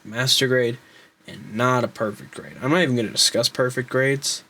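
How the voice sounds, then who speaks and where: A young man rambling in a casual show-and-tell vlog, swearing a lot and getting excited as he talks. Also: medium pitch, normal speed. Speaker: hobby vlogger.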